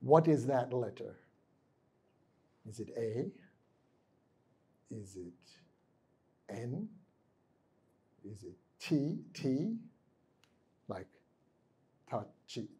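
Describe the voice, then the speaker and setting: A man's voice: mid-range voice, warm tone, husky. A man from the United States giving a university lecture in a large conference room, putting questions to the audience and mixing Japanese phrases into his English. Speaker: guest lecturer.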